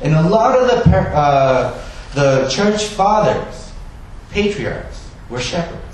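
A man preaching a sermon, stressing key words loudly and then dropping to a soft, quiet delivery. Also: fairly high pitch, sing-song, slow pace, slight background noise. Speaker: pastor. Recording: echoey room, voice from a distance.

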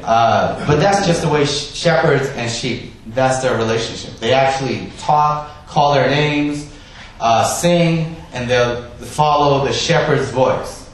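A man preaching a sermon, stressing key words loudly and then dropping to a soft, quiet delivery. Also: mid-range voice, slow. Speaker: pastor. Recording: echoey room, voice from a distance.

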